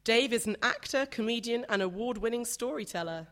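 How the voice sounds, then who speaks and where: A woman's voice: a little high, lively intonation, a little fast, a bit bright. A woman compering a live comedy night, introducing the next act with dry teasing asides. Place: comedy stage before a live audience.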